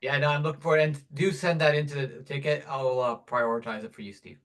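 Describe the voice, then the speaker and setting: Relaxed man hosting a video-call Q&A. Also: fairly high pitch, quick pace. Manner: relaxed, laughs often, uses fillers. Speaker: webinar host, product support. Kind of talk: casual live Q&A.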